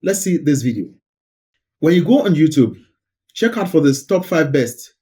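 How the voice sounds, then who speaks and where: A man's voice: on the high side, very animated, normal speed, mellow. A man hosting a casual screen-share commentary about online videos, emphatic and often repeating words for stress. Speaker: YouTube creator and host.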